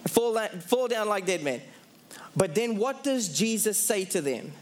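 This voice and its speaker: A man preaching a sermon to a congregation. He asks the audience questions, answers them himself, and slows down hard on the key phrases. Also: sits high, animated, slight background noise.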